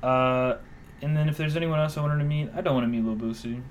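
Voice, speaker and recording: A man's voice: a little high, fast talker, a little hiss or hum. A young man, co-hosting a casual podcast in a loose, joking way and swearing freely. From Louisiana. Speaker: podcast co-host.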